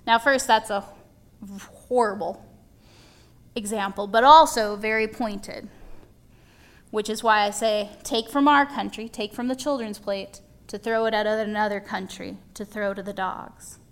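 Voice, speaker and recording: A woman preaching a conversational sermon, folksy and animated, acting out little dialogues as she talks. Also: medium pitch, measured pace.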